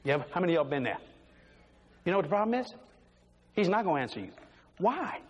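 An older preacher with a strikingly high voice delivers a folksy sermon, his pitch swinging up and down with every point. His voice rings through the long reverb of a large hall. A faint hiss sits in the background. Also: fast talker, lo-fi sound. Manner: folksy, animated preaching with acted quotes. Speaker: pastor. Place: church sanctuary. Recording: echoey hall, faint noise.

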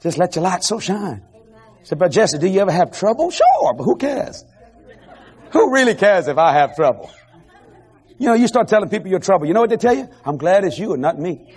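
A man preaching an animated evangelical sermon to a congregation on television, laughing and shouting asides as he goes. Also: sits high, fairly quick, husky. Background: faint congregation crowd.

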